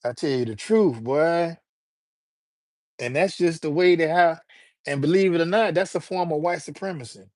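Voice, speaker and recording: Joking live-stream host, higher voice, dry sound. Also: male voice, moderate pace, a little mellow, dry recording. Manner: loose, joking, talks straight to the chat with slang. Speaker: livestream host. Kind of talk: casual live-stream chat, reacting to viewers.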